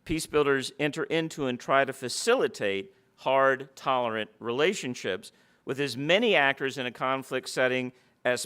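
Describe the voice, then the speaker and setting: A man's voice: mid-range voice, fairly bright tone, clear, resonant tone. A man giving a public lecture, mixing stories into his talk. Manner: anecdotal, storytelling.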